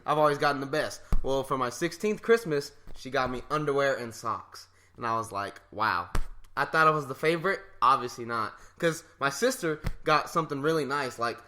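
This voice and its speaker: Bright-voiced animated young man. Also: mid-range voice, moderate pace, slight background noise. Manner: animated, laughing storyteller. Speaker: podcast co-host. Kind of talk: casual chat.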